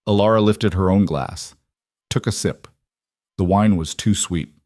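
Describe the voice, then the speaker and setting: A man reading scripted audiobook narration in a measured, even storytelling manner. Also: low-pitched, dry recording, studio quality.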